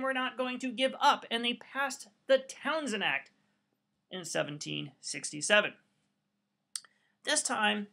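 A man's voice: high voice, gravelly, pushed and bright. A man giving a history lecture with sarcastic, wry asides. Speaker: history teacher.

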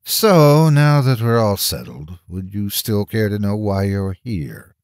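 A man doing a calm, menacing cult leader. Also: lowish voice, slow pace, smooth, no room sound, clean studio sound, full character voice. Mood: calm sinister.

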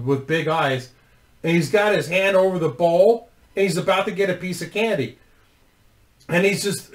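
A man with a high voice tells a rambling, profane story straight to camera for his own channel. He laughs easily as he talks. The sound is roomy and echoey. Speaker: YouTube host.

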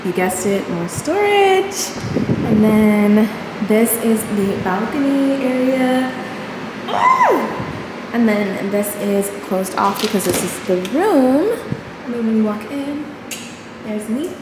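Excitable young woman in an echoey empty apartment. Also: medium pitch, measured pace. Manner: gushing, excitable, repeats phrases. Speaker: vlogger. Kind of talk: casual vlog tour. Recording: echoey empty rooms, air conditioner hum.

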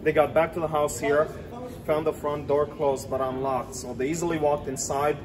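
A man's voice: on the high side, little pitch movement, moderate pace, a crowd in the background. A middle-aged man, a tour guide, animatedly telling a legend outdoors on a city street and pointing out spots. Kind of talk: storytelling on a walking tour.

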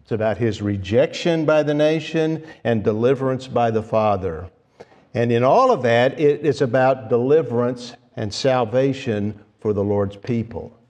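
A man preaching a sermon, speaking deliberately and pausing to restart his phrases now and then. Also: medium pitch, darkish tone. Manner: slow, deliberate, with restarts and fillers. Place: church sanctuary. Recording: long reverb of a church hall.

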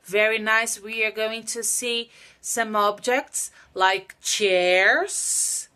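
A woman teacher talking to young children, repeating words slowly and clearly. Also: on the high side, steady tone, sharp tone.

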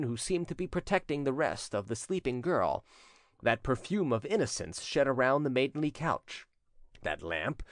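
A man narrating a classic crime story as an audiobook in a dramatic, expressive reading. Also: medium pitch, no room sound, studio quality. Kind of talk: scripted narration.

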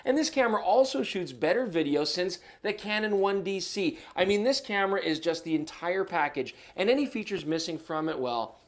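A man's voice: sits high, animated, moderate pace, hardly any pauses. A man co-hosting a camera review show, joking around casually while having a few drinks. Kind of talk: casual product review banter.

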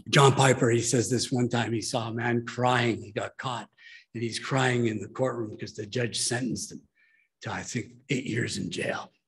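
Gravelly, husky male pastor preaching. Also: medium pitch, steady tone, normal speed. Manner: emphatic preaching, pleading with listeners. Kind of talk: sermon. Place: church.

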